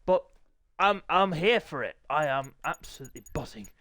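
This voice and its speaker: A man hosting and commentating a sim racing league, chatty and jokey, teasing the riders and clearing his throat often. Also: a little high, animated, moderate pace, a bit bright, no echo, studio quality. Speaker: race commentator and league host.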